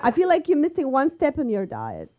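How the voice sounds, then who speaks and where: A woman from Kazakhstan performing a stand-up set in with deadpan punchlines. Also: high voice, a little fast. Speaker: stand-up comedian.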